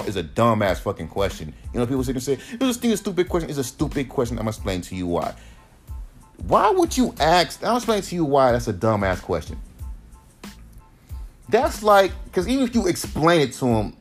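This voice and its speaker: A man who raps hosts his own podcast, ranting in a heated, profane, emphatic way. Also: medium pitch. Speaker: rapper and podcast host. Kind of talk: solo podcast rant.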